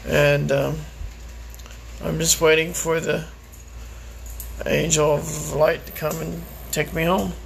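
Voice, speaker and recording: Worn-out man, raspy and creaky, pitched a little high, speaking a quiet, reflective personal monologue. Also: level tone, slight background noise, poor audio. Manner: slow, reflective, prayerful. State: tired and weak. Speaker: vlogger.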